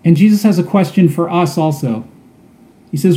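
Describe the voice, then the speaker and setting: A man's voice: fairly high pitch, moderate pace, mellow. A man preaching a sermon, telling a story earnestly and often repeating words as he goes. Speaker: pastor. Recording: echoey room.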